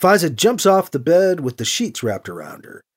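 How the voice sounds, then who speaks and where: Audiobook narrator, husky, very animated pitch, dry storytelling read. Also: moderate pace. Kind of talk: scripted narration.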